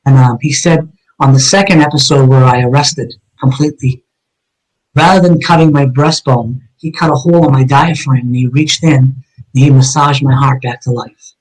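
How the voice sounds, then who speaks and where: A man's voice: mid-range voice, steady tone, moderate pace, poor audio. A man, a retired police detective, earnestly recounting an emotional personal story in an interview, with frequent ums and uhs.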